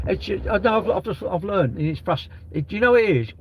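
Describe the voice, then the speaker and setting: A man's voice: high voice, expressive, quick pace, slight background noise. Chatty, swearing man. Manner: chatty, rambling, swears freely. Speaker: livestreamer. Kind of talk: casual live-stream chat. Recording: dull, lo-fi live-stream audio.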